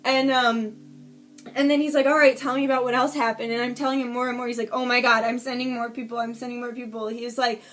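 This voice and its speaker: A young woman casually telling a personal story, emphatic and swearing, acting out shouted quotes. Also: on the high side, little pitch movement, fast talker. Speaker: storyteller vlogger.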